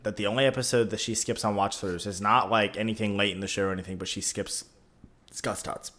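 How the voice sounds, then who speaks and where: A young man co-hosting a podcast, chatting casually and joking, with loud bursts of laughter. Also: on the low side, steady tone, a little fast. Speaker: podcast co-host. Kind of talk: casual chat.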